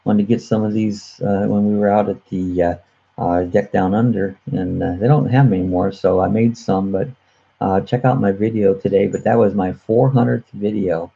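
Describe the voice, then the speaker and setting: Gravelly-voiced man rambling on a live chat. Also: lowish voice, fairly even intonation, normal speed, dark tone, dull audio. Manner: chuckling, many uh fillers and restarts. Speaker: host of a live chat show. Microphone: computer webcam mic.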